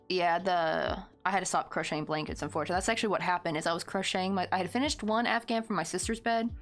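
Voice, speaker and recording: A woman in her thirties hosts a crochet livestream, speaking at medium pitch as she chats casually and rambles with lots of fillers and easy laughter.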